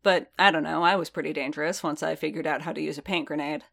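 A woman voicing a weary, guarded male warrior who talks haltingly and corrects himself. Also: low-pitched, fairly even intonation, vocal fry, fairly bright tone, heavily acted. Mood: hesitant. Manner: hesitant, halting, self-correcting.

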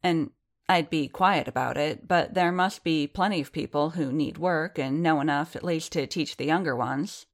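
An eager young gentleman with an endlessly cheerful heart, as a woman reading an audiobook puts him on. He talks in hesitant, hopeful bursts, pausing and restarting as ideas spill out, in a low voice that lifts when he gets keen. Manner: hesitant and hopeful, words tumbling out. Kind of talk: audiobook character voice.

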